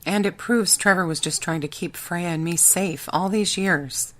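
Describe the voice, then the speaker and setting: A woman's voice: lowish voice, normal speed, fairly bright tone, natural voice. Blunt male agent, read by a woman. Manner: blunt, pushy questioning.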